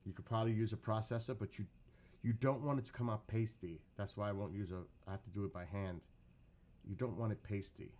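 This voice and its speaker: A man chatting casually and excitedly as he explains a recipe step by step, often repeating that he is getting hungry. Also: lowish voice, brisk. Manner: rambling, self-correcting step-by-step explanation. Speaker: streamer reacting to his own cooking clip.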